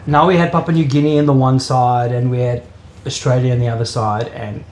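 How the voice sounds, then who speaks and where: A man's voice: medium pitch, fairly even intonation, fairly quick. South African man, earnest faith testimony, roomy echo, faint hiss. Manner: earnest, emotional storytelling. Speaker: interviewee. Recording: echoey room with faint ambient noise.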